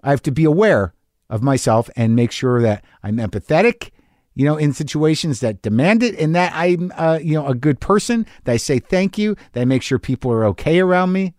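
A man's voice: fairly high pitch, lively intonation, a little fast, a little mellow, no echo, studio quality. A man in his fifties hosting a podcast, talking through a candid, rambling, self-deprecating solo monologue with a lot of swearing. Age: 50s. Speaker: podcast host.

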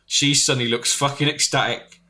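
A man telling a rambling comic story on a podcast, jumping into loud put-on voices for the people in it. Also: medium pitch, brisk. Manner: animated, shouts and squeals when quoting others.

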